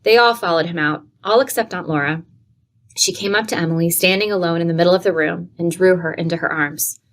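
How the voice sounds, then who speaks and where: A woman reading a classic novel aloud, with steady, clear storytelling. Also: on the low side, brisk. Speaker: audiobook reader.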